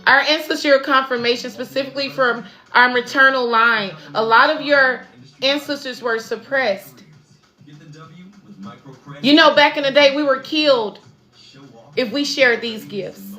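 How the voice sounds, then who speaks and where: This woman's voice sits high and sharp, unhurried and broken by long pauses. Over background music, she delivers an oracle card reading to her audience, preachy and emphatic, slipping into casual slang.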